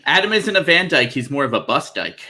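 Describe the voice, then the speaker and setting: Male stream host, bright voice, teasing banter. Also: medium pitch, sing-song, a little fast. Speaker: show host. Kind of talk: casual livestream chat.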